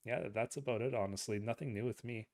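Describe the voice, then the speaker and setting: A man co-hosting a casual gaming podcast, talking in a halting, sarcastic way. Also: lowish voice, steady tone, darkish tone. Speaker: podcast co-host. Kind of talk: casual chat.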